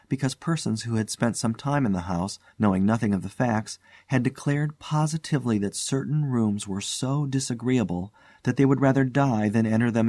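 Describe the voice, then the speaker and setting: A man with a low voice reads a classic ghost story aloud in a measured, deliberate way. The recording is close and dry, with no room sound. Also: a little mellow, no room sound. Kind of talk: scripted narration.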